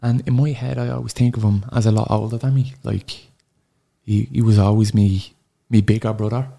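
A man in his thirties with an Irish accent, a podcast guest telling an emotional personal story, halting and sorrowful, swearing freely. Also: fairly low pitch, fairly even intonation, creaky, mellow. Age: 30s.

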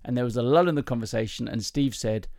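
A chatty man hosting a podcast, telling jokes with plenty of asides and laughter. His voice sits at an everyday pitch, recorded close and dry. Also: fast, gravelly, darkish tone, no room sound. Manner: chatty, rambling, laughs often. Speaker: podcast host. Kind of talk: casual chat, joke telling.

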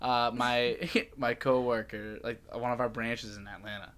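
A man's voice: mid-range voice, little pitch movement, unhurried, fairly bright tone. A young man hosts a podcast in casual chat, rambling playfully with lots of likes and restarts. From Massachusetts. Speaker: podcast host.

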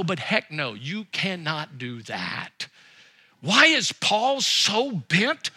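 A man's voice: high-pitched, sharp tone. A man preaching a sermon as pastor, earnest, his voice rising and dropping for emphasis.

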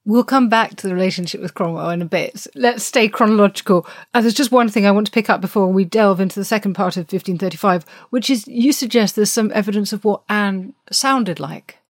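A woman hosting a history podcast, measured as she guides the conversation. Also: mid-range voice, no echo, clean studio sound. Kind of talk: podcast interview.

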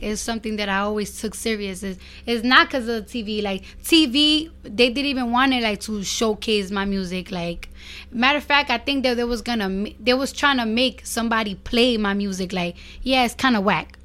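A woman in her twenties with a Bronx New York accent, a guest talking bluntly and profanely in a casual interview. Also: a little high. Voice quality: blunt and profane, animated storytelling. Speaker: guest rapper.

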